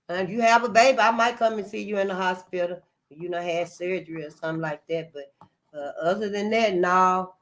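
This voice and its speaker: A woman's voice: medium pitch, a bit bright. A woman, hosting a casual livestream and speaking bluntly and profanely, repeating phrases for emphasis. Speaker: channel host.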